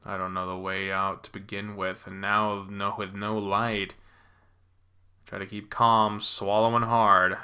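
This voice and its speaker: Man giving a dramatic bright-voiced reading. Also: on the low side, smooth. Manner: expressive, moves from hushed near-whispers to loud panicked reading. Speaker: channel host reading a visual novel aloud. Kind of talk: dramatic first-person reading of a game story.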